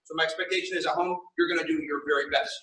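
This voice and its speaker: A young man teaching a martial arts class online, firmly giving orders and counting warm-up drills aloud. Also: fairly high pitch, fairly even intonation, very fast. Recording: echoey room, mic far off.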